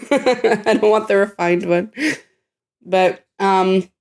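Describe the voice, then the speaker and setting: Woman podcast co-host, mid pitch, relaxed chatter with swearing and laughs. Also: slow pace. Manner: casual, swears, laughs often. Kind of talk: casual chat.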